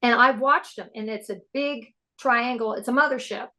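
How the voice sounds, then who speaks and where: A woman guest on a podcast, telling personal stories in an excitable, animated way. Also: a little high, normal speed. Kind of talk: casual spiritual interview chat.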